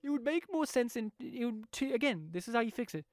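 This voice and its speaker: A woman's voice: on the high side, lively intonation, brisk, dry recording, clean studio sound. A woman co-hosting a casual film discussion, laughing often and acting out the scenes she retells. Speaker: podcast co-host.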